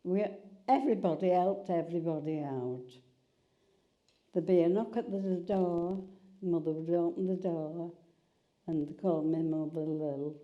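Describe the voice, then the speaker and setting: A woman's voice: fairly low pitch, measured pace. An older woman, chattily telling stories from her past in an oral history interview. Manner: chatty storyteller, repeats and restarts. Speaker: interviewee recalling wartime. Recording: slightly dull sound.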